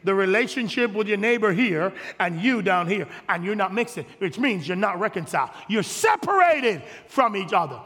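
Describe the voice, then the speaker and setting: A man preaching a sermon in a church, swelling to shouts and calling on his congregation. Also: sits high, very animated, normal speed, few pauses, in a large hall. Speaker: pastor. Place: church sanctuary.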